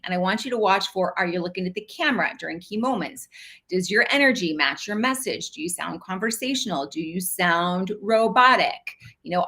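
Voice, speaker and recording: A woman's voice: medium pitch, fairly bright tone. Emphatic woman coaching on camera. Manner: clear, emphatic teaching with stressed words. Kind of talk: live online class, teaching.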